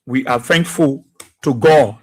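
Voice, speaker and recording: A man's voice: mid-range voice, takes it slowly, breathy edge. Man greeting radio listeners. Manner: reads listener names and places in a steady greeting rhythm. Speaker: radio talk show host. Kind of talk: live radio call-in greetings.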